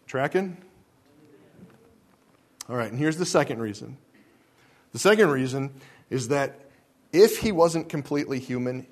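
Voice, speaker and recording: A man preaching a sermon, asking the congregation rhetorical questions and swinging between soft, slow lines and loud ones. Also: fairly high pitch, lively intonation. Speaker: pastor.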